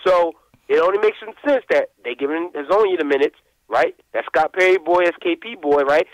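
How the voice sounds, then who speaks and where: A man calling in to a sports podcast, ranting in an animated, rambling way with plenty of swearing and repeated asides. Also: on the high side, a little fast, no room sound, highs cut off. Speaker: caller. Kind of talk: casual call-in rant.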